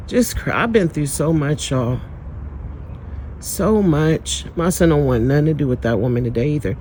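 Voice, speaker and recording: A woman's voice: on the low side, slight background noise, low-quality recording. A woman talking straight to her viewers in a candid, emotional personal vlog, moving into an uplifting, preacherly tone. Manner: candid, emotional storytelling, talks directly to viewers; preacherly, uplifting toward the end. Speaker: vlogger.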